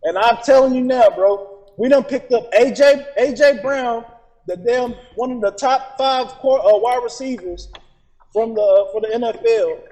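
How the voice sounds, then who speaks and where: A man co-hosting a casual podcast, loud and excitable, with profane trash talk about his football team. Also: very high voice, moderate pace, rough recording. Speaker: podcast co-host. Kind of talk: casual chat.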